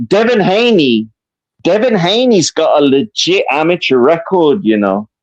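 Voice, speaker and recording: A man in his fifties from the UK with a Birmingham accent, calling into a live stream and talking fast and animated, swearing freely and repeating "listen, bro". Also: a little high, dull audio. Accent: Birmingham English. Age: 50s. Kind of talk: casual chat.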